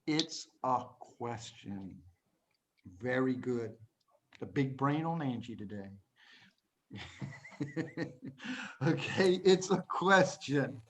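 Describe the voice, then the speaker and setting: A man teaches a writing lesson to young students in a classroom. His voice is middle-pitched and his delivery is playful, lively and teasing, slipping into little put-on voices for his examples. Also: slow pace, long pauses. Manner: talks to young students, often hushes the class. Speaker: English teacher.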